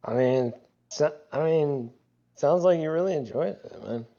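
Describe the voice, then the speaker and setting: A man's voice: on the high side, unhurried, mellow, muffled recording. A man co-hosting a film podcast in casual chat, laid-back and hedging his words. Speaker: podcast co-host.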